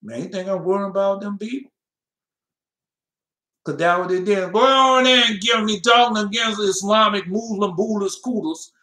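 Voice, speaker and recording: A man preaching a fiery Bible-study sermon, swinging between loud emphatic bursts and soft mocking asides, and reading scripture slowly. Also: high-pitched, echoey room. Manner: slow, drawn-out scripture reading.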